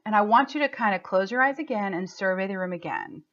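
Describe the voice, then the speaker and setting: A woman's voice: mid-range voice, quick pace, fairly bright tone, highs cut off. Emotional woman guiding a tapping session. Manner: heartfelt, emotional, gets choked up. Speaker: tapping coach.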